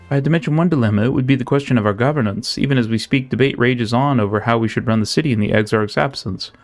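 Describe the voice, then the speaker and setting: A man voicing a gentle, devoted woman of a city in a game, reading her lines in formal, old-fashioned phrasing. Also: mid-range voice, racing, soft background music, natural voice. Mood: earnest. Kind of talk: reading game dialogue aloud.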